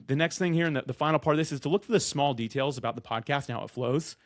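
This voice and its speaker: A man speaks straight to camera about how to be a good podcast guest. He talks loud and rapid-fire, slipping into quick impressions of guests and hosts. The sound is close and dry, with no room around it. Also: fairly high pitch, dry recording. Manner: loud and fast, acts out quoted guests and hosts. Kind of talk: energetic direct-to-camera advice talk.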